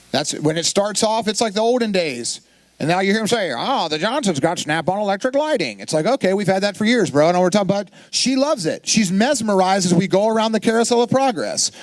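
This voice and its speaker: A man preaching a sermon as pastor, in an animated, conversational way with lots of quoted asides. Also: high voice, no echo. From Florida.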